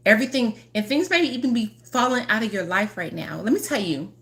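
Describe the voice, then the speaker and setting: A woman's voice: mid-range voice, sing-song, brisk, a bit bright. A woman healer giving a chatty, urgent astrology reading to camera, repeating herself for emphasis and acting out what her viewers feel. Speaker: spiritual healer.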